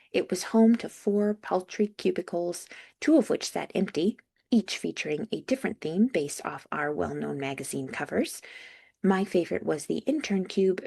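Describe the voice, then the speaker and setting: A woman's voice: lowish voice, creaky, mellow, husky. A young woman reading a first-person audiobook with dry, wry asides. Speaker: audiobook narrator.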